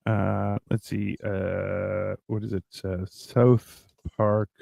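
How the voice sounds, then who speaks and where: A man's voice: on the low side, level tone, extremely slow, gravelly, warm tone, no echo, studio quality. A man hosting a live stream, bantering casually and mocking others with frequent swearing. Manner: joking, mocking, swears a lot.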